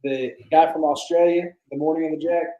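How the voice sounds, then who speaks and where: A man's voice: fairly high pitch, steady tone, a little fast, warm tone, echoey room, lo-fi sound. A man, a barbecue pitmaster guest, telling long, profane stories in casual chat and laughing along the way.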